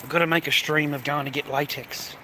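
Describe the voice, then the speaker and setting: A young Australian man with a fairly high, fairly even voice talks a little fast while livestreaming from a city street. His commentary to viewers is laddish and full of swearing, over loud traffic and street ambience.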